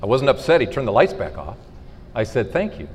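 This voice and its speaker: Middle-aged male speaker, animated storyteller at a faith talk, lively pitch, reverberant hall sound. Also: brisk, a little hiss or hum. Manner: storytelling, animated, acts out dialogue. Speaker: podcast host giving a faith talk. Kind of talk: inspirational talk to a live audience. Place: school hall.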